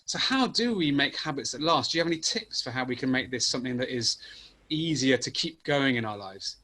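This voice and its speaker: Thoughtful middle-aged host on a video call. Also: male voice, medium pitch, lively intonation, sharp tone. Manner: thoughtful, a little halting, with restarts. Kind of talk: conversational interview.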